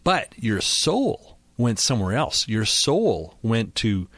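A man's voice: medium pitch, big pitch swings, takes it slowly, a bit bright, dry recording. A man hosting a Bible discussion, reading verses aloud and asking leading questions. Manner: reads verses, then asks leading questions. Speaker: host.

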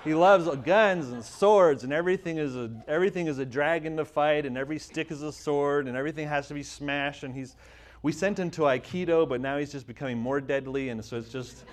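A man's voice: a little high, fairly quick, slight background noise. A man in his thirties from Canada, giving a casual church talk with a humorous, self-deprecating manner and sounding tired. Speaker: church speaker and magazine editor. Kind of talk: casual sermon talk with prayer.

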